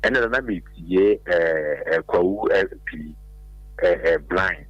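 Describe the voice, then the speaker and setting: A man's voice: deep voice, slow, no echo. A Ghanaian man calling into a radio show, rambling hesitantly. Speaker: caller. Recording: dull phone line with faint music.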